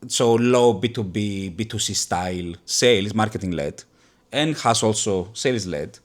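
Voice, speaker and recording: Low-voiced man hosting a business chat. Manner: thoughtful, halting restarts. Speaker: podcast host. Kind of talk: casual business conversation.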